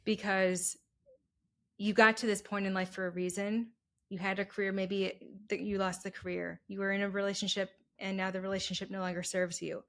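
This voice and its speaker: A middle-aged woman giving calm, encouraging advice as a podcast guest. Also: medium pitch, fairly quick. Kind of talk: casual interview chat.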